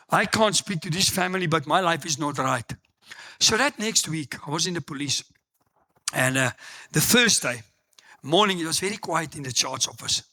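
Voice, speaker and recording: A middle-aged South African man preaching a sermon, telling personal stories and acting out the dialogue with loud exclamations. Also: high-pitched. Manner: animated storytelling, acts out dialogue, exclaims loudly. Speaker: pastor.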